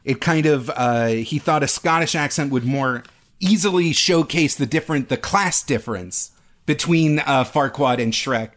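A man's voice: mid-range voice, moderate pace, fairly bright tone. A man co-hosting a podcast in casual chat, talking hesitantly with many fillers and restarts. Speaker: podcast co-host.

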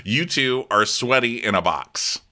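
Male co-host, bright tone, very lively pitch, chatty and giggly, does funny impressions. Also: unhurried. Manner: laughs often, mimics cast members in high voices. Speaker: podcast co-host recapping a reality show. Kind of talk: casual chat.

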